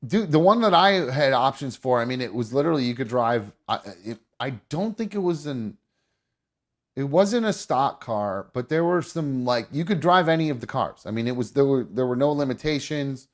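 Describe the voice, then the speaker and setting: A man hosting a casual talk show, rambling and swearing freely as he thinks out loud. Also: medium pitch, lively intonation, normal speed. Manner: rambling, profane, restarts. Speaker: host. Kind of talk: casual chat.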